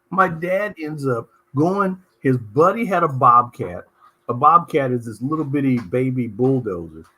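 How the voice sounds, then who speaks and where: A middle-aged man from Southern California, hosting a talk show and telling anecdotes in an animated, emphatic way. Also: medium pitch, measured pace, husky. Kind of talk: conversational interview storytelling.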